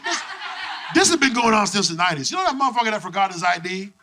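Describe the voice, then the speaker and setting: A man doing a stand-up comedy set on a club stage, animated and profane, acting out people in his stories. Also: sits high, fast. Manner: animated, profane, acts out voices.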